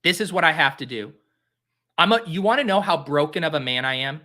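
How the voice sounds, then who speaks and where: A man's voice: fairly high pitch, lively intonation, a little fast, pushed and bright. A man hosting a fantasy football show, talking casually and mocking himself as he drafts live and talks to his viewers.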